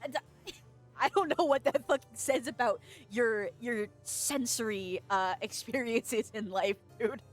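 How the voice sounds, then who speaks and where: A woman's voice: on the high side, a little slow, faint music behind. A woman chatting casually on a live stream, reading chat, laughing often, swearing and teasing, with a stuffy nose, close to a desk microphone.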